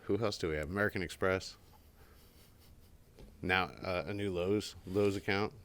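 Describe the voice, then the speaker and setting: A man with a low, fairly even voice talks at a moderate pace with a slightly bright tone. He's co-hosting a casual podcast, spinning a long, rambling story and doing the voices of the people in it.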